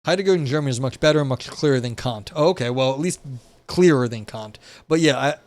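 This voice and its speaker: A man's voice: mid-range voice, animated, quick pace. A young man on a live stream, reading philosophy aloud and reacting with wry, profane asides full of "like" and restarts. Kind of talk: casual live-stream commentary. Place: indoors at a desk by a window.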